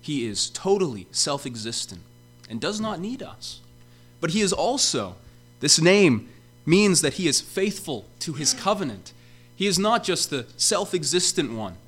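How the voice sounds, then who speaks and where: A man preaching a sermon, who lifts his voice for emphasis on repeated calls and then drops it low and slow. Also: fairly bright tone.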